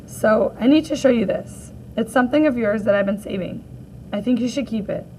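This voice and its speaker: A woman voicing a kind, encouraging schoolgirl friend in a storybook read-aloud, in a soft and gentle way. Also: fairly high pitch, fairly quick, slight background noise, natural voice, low-quality recording.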